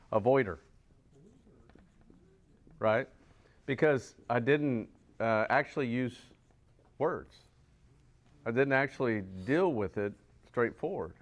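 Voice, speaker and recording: A man therapist co-teaching a couples workshop at a church, telling stories in a halting, laughing way. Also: mid-range voice, animated. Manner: storytelling, halting with restarts and little laughs. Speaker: marriage and family therapist co-teaching a couples class. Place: church hall.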